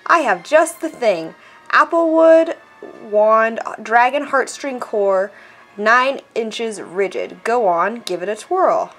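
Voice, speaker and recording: A woman reading the lines of a courteous elderly male wandmaker in a game, measured and unhurried. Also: on the high side, expressive, fairly bright tone, faint music behind, full character voice.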